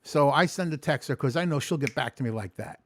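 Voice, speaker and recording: A man telling a story in a casual vlog, animated and swearing often as he rants about his day. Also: medium pitch, fairly quick, slight background noise. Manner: animated, profane, ranting storyteller. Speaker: vlogger.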